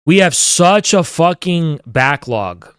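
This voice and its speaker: A man's voice: a little high, lively intonation, slow pace, a bit bright, smooth, no room sound, studio quality. A man hosting a livestream, ranting casually with heavy swearing and mock-grandiose taunts. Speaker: livestream host. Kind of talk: casual streaming rant.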